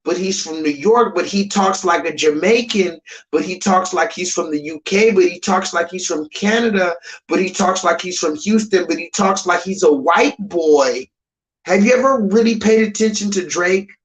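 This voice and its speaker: A man's voice: sits high, moderate pace, a bit bright, poor audio. A man ranting on a live stream, emphatic and repetitive, swearing freely.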